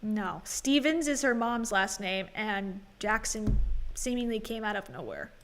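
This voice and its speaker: A woman's voice: mid-range voice, lively intonation, unhurried, a bit bright, slight background noise. A woman co-hosting a casual livestream, making dry, sarcastic asides. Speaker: co-host.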